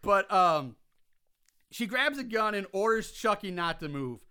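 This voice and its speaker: A man co-hosting a podcast, recounting a movie's plot in casual chat with lively, exasperated asides. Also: high voice, measured pace, smooth. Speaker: podcast co-host.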